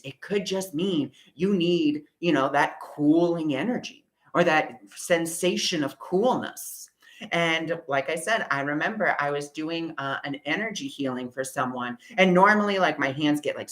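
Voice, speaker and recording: A woman with a deep, low voice leads a live online workshop on spiritual energy. She talks casually and warmly encourages her listeners. She guides them through a slow breathing exercise and keeps repeating gentle reassurances.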